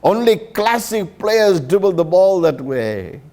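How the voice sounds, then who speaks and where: A man's voice: sits high, sing-song, takes it slowly, mellow, pitched above the performer's own voice, exaggerated voice. A preacher acting out a father cheering his son. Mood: exuberant. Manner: exuberant, praising.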